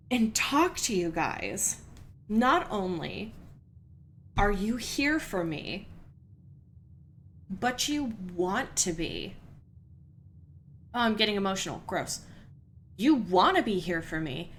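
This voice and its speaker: Young woman, game streamer, chatty and sincere, laughs a lot, mid-pitched voice. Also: a bit bright, a little hiss or hum. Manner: rambling, earnest, laughs often, reads chat aloud. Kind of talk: casual let's-play chat with viewers.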